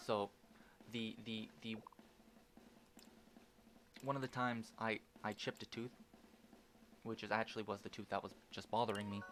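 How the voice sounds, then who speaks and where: A young man at home talking over a video game, his voice sitting at an ordinary mid pitch. He rambles and swears freely, starting sentences over and filling gaps with "like" and "you know", while game music plays faintly underneath. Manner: rambling and profane, with many fillers and restarts. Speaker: gaming channel host. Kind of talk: casual gameplay commentary.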